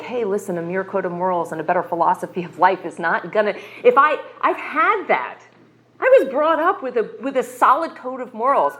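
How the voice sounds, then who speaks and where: A woman's voice: mid-range voice, a bit bright. A woman in her thirties from the US sharing an earnest, confessional personal testimony at a recovery meeting, emphatic and full of asides like "like" and "right".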